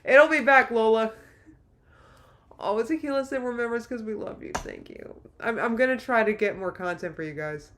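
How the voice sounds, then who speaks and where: A woman's voice: on the high side, moderate pace, a bit bright, a little hiss or hum. A woman in her late thirties chatting casually on a livestream, reading viewer comments in an emotional, rambling way with many restarts. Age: late 30s. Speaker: YouTuber livestream host.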